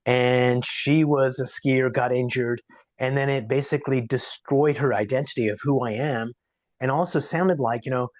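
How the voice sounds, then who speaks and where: A man who is a podcast guest, talking casually and telling an anecdote in a lively way, voicing the people in it. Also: medium pitch, moderate pace, no room sound. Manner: animated anecdote-teller, acts out quotes. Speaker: podcast guest, sales coach. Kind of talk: casual storytelling in conversation.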